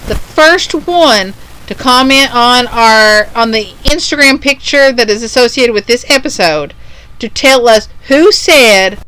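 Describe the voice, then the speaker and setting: A woman co-hosting a podcast with an upbeat, announcing manner. Her voice is bright and smooth, pitched a little high. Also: rough recording. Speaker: podcast co-host. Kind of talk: casual chat.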